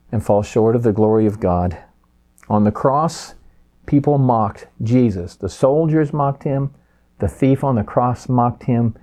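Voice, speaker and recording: A pastor delivering a sermon, emphatic and slowing down for key phrases. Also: male voice, mid-range voice, mellow.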